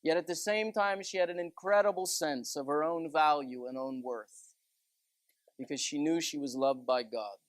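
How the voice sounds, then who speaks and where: A man's voice: fairly high pitch, moderate pace, dry recording. A man giving a chatty, conversational sermon full of stories and asides. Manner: folksy, chatty, many asides of "you know". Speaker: preacher.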